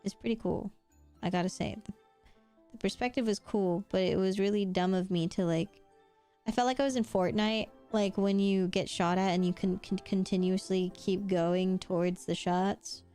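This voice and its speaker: Chatty young woman streamer, smooth voice. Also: mid-range voice, fairly even intonation, moderate pace, mellow, faint music behind. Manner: chatty, rambling with frequent "like" and laughs; casual swearing. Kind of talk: casual chat while drawing.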